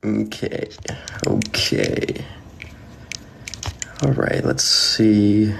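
A man's voice: fairly low pitch, wildly swooping pitch, very slow, vocal fry, slight background noise. Laid-back man hosting a live stream. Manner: laid-back, asks guests about their talents. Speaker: livestream host. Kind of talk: casual livestream chat.

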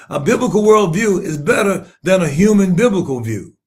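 A man in his seventies, a bishop preaching with emphatic rhetorical questions, swinging between hushed asides and shouted points. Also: sits high, expressive, normal speed. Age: 70s. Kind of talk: sermon-style commentary.

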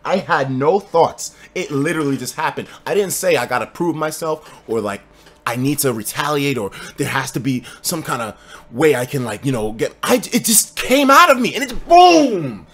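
A young man streaming live, telling a story in casual chat. He swears freely and swings from low mutters to loud bursts. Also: animated, moderate pace.

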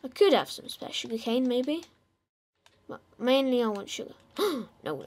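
A woman's voice: a little high, sing-song, moderate pace. A woman giving casual gameplay commentary, playfully talking to and teasing her game animals. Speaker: gamer.

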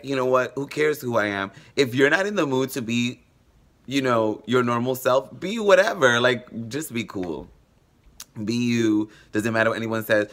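A male vlogger telling funny stories in casual storytelling mode. His voice is bright and forward, and he talks in an animated, joking way with big swings in pitch.

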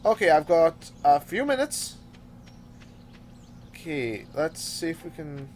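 A man's voice: fairly high pitch, very animated, slow, darkish tone, faint music behind. A man giving casual gameplay commentary, exasperated and theatrical, grumbling and throwing mock insults.

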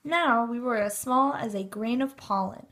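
A woman narrating a children's storybook in a steady, expressive reading. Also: on the high side, normal speed.

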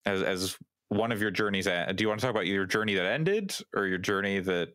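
A man hosting a podcast in casual chat, hesitant with many pauses. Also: low-pitched, lively intonation, a bit bright, no echo, clean studio sound. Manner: slow, hesitant, lots of uh.

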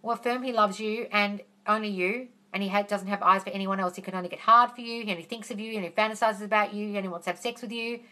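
A woman's voice: medium pitch, steady tone, quick pace, hardly any pauses, bright, forceful tone. A woman hosting a live question-and-answer stream, answering viewers in a chatty, reassuring way and calling them darling. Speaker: manifesting coach hosting a live Q&A.

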